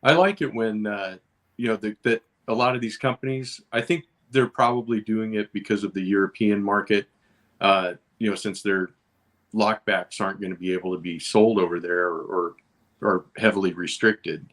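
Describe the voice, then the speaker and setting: A man's voice: lowish voice, fairly even intonation, normal speed, a bit bright. A man joining a casual live chat from home, easygoing and agreeable.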